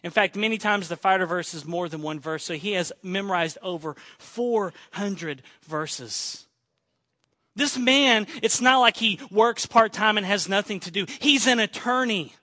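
A man's voice: high-pitched, a little slow, no echo. A man preaching a sermon to his church, telling a story in earnest and quoting a friend's words. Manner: earnest storytelling, quoting a friend, shifting between excited and hushed. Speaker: pastor.

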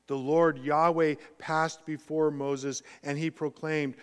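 A man preaching a sermon as pastor, emphatic, swinging between quiet and loud passages. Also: fairly high pitch, fairly even intonation, slow, hardly any pauses, big-room sound.

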